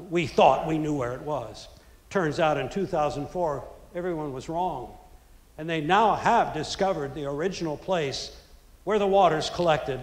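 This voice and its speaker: A man preaching in a large church, his voice high for a man and swinging widely as he acts out the stories. The sound rings with long reverb from the hall. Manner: animated storytelling, acting out scripture quotes. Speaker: pastor. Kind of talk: sermon. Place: church sanctuary.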